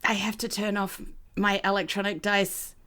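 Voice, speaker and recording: A woman player in casual game chat, animated and quick to laugh. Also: medium pitch, heavy background noise.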